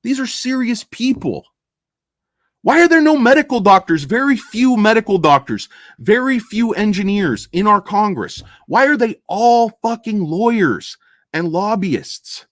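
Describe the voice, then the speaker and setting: Casting note: man in casual livestream host mode, profane ranter, very animated pitch, dry close mic. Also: measured pace, dry recording. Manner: ranting, profane, swings from loud to mumbling. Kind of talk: casual livestream chat reading viewer comments.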